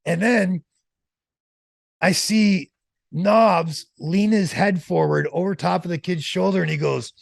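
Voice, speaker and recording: Gravelly, slangy storytelling man. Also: high-pitched, takes it slowly, dry recording. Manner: animated anecdote-telling, slangy. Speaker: interview guest. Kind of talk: storytelling in a casual interview.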